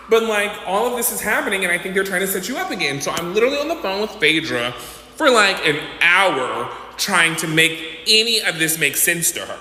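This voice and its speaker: Animated man telling a storytime. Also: high voice, brisk. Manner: animated, dramatic retelling that acts out quotes. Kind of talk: casual storytime commentary. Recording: echoey reverberant room with faint noise.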